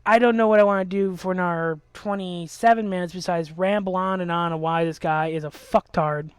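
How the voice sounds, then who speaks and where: A man's voice: high voice, steady tone, a little fast, clear, resonant tone, dry recording. A young man hosting a game video, delivering an angry, profane rant about a friend. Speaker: Let's Play host. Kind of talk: ranting commentary over gameplay.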